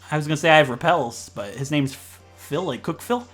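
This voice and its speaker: A man from Ohio with a Midwestern American accent, rambling and joking fast through casual gameplay commentary. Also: fairly high pitch, sing-song, a bit bright, faint music behind. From Ohio, USA. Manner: fast-talking, rambling, jokey. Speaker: let's play commentator.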